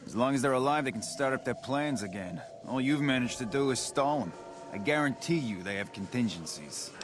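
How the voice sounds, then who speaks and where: An actor playing a blunt, tough-talking mob underling who plots to take over. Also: male voice, medium pitch, lively intonation, fairly quick, noisy background, natural voice. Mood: scheming. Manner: tough-guy, blunt, conspiratorial. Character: scheming male mob underling plotting a takeover. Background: game music.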